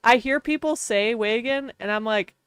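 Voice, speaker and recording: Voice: mid-range voice, normal speed, a bit bright, clean tone, no echo, studio quality. A young adult game streamer with a strong Wisconsin Midwestern accent, chatting casually and playfully mocking their own way of talking.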